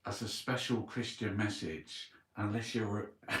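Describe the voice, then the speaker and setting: A man's voice: on the low side, fairly even intonation, a little slow. A man hosting a casual newspaper review, blunt, mocking and full of swearing. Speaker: online show host. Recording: roomy, from a distance.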